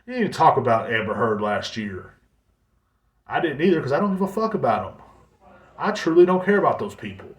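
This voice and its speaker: A man's voice: medium pitch, sing-song, a little fast. A man hosting a podcast, delivering a heated, profane ranting monologue and mocking other people's voices. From United States. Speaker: podcast host. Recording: echoey room.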